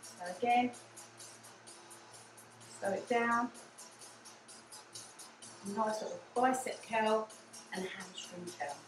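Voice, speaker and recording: An English-accented instructor takes her low impact cardio class slowly, leaving long pauses between encouraging, repeated cues like "again" and "yeah." She's breathless now and then, and music plays in an echoey room recorded with a distant mic.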